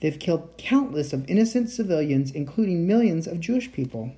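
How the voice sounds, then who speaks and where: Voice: mid-range voice, animated, fairly quick, mellow, close to an everyday voice. A reader voicing a polite teenage boy enchanter who speaks in formal, old-fashioned phrasing. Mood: earnest.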